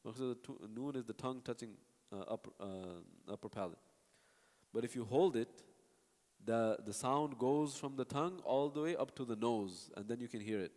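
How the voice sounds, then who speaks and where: A man's voice: medium pitch, moderate pace, a little mellow. A man teaching a recitation class, explaining patiently and stopping to demonstrate sounds and answer students. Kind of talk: classroom teaching with spoken examples. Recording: long hall reverb.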